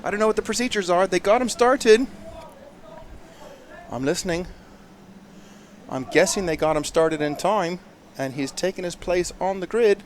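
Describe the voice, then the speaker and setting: A man commenting live on a race in a chatty, self-deprecating way, with excitable bursts. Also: high-pitched, normal speed, long pauses, a little hiss or hum. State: a little out of breath.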